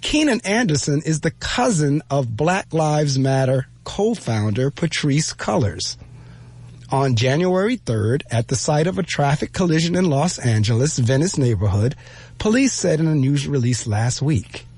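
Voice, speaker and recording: A man's voice: fairly high pitch, big pitch swings, a little slow, a little mellow, husky. A man giving an earnest spoken reflection, emphatic and repeating his phrases for weight. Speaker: speaker giving a motivational talk.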